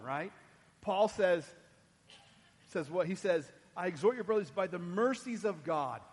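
A man preaching a sermon, dropping soft and low and then rising loud and emphatic. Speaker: pastor. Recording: long hall reverb.

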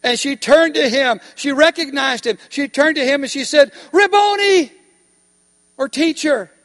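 A man preaching a sermon with emphatic delivery, pausing to ask the congregation questions. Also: extremely high pitch, fairly bright tone. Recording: long hall reverb.

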